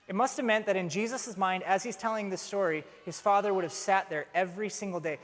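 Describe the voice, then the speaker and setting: A man preaching a sermon as pastor, telling stories in an animated way with self-deprecating humor. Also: high-pitched, brisk. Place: church sanctuary. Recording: long church reverb.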